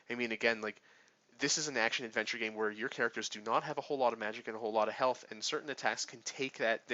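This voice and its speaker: A man rambling through casual game commentary, swearing freely and tripping over fillers and restarts. His lowish voice has a bright, forceful edge. The recording is dry and dull, with a lo-fi tape quality. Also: no echo.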